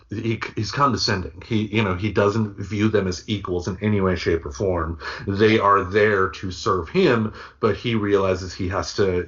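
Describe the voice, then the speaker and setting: A man co-hosting a podcast, talking casually in halting, restarting sentences with jokey asides. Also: on the low side, fairly bright tone. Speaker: podcast co-host. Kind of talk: casual chat. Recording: dull lo-fi podcast audio.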